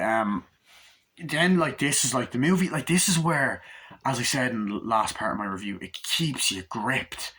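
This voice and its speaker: Guy rambling thru a movie review, lots of likes and ums, bright voice. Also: lowish voice, gravelly, slightly rough. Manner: rambling, swears often, lots of "like" and "um". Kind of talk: casual spoken film review.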